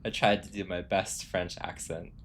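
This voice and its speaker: A man's voice: deep voice, fairly even intonation, moderate pace, vocal fry, a bit bright, slight background noise. A man streaming a video game, chatting casually in a rambling, self-amused way full of fillers. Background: game music.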